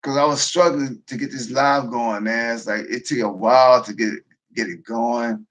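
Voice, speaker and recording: A man hosting a casual livestream, talking in a tired, low-energy way and often repeating and restarting his phrases. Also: steady tone, moderate pace, a bit bright. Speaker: livestream host, veteran prepper.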